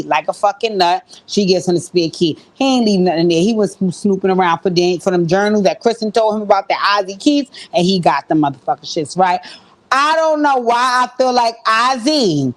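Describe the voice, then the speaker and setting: A woman hosting a casual recap of a TV episode, with a voice that sits at an ordinary middle pitch. She tells it with animated energy and plenty of profane slang, the way you'd gossip about a show with a friend. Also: moderate pace. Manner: acts out quoted lines in shifting voices.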